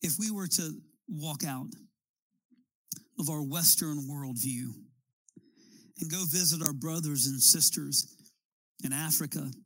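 A man's voice: on the high side, takes it slowly, long pauses, sharp tone, dry recording, poor audio. A man preaching a sermon as a pastor, building his points with emphatic, rising appeals.

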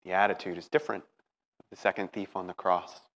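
A man preaching a dramatic sermon, emphatic, moving from hushed passages to rising ones. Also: low voice, little pitch movement, fast talker. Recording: preaching in a reverberant hall.

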